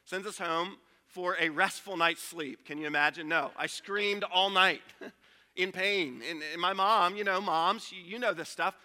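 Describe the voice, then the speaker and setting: Bright-voiced pastor preaching in a reverberant hall. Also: male voice, sits high, unhurried. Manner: storytelling, conversational with acted quotes. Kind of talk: sermon.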